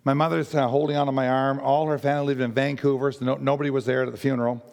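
Older guy telling his story, gravelly voice, halting and earnest, big echoey hall. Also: medium pitch, level tone, a little mellow. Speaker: speaker giving testimony. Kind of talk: personal testimony. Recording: long hall reverb.

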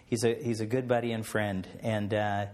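Low-voiced man sharing a mission story. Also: level tone, moderate pace, a little mellow. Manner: hesitant, many fillers and restarts. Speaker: missionary pilot speaking to a church. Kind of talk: mission testimony and closing prayer.

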